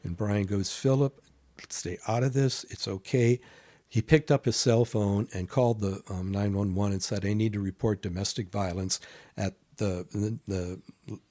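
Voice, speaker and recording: Animated storytelling man with a low voice. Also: moderate pace. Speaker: guest. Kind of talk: casual storytelling conversation.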